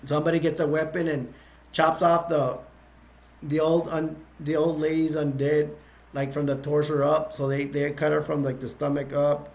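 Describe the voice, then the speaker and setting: A man with a slightly high voice recaps a film's plot in loose, casual talk. He wanders through the story with plenty of fillers, false starts and self-corrections. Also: level tone, moderate pace, darkish tone. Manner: rambling, with many fillers and restarts. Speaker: movie reviewer.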